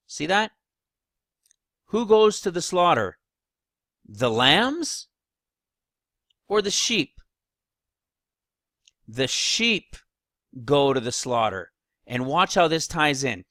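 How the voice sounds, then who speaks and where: A man's voice: mid-range voice, lively intonation, unhurried, long pauses, pushed and bright, no echo, studio quality. A man casually teaching Bible verses, rambling, losing his place and asking rhetorical questions.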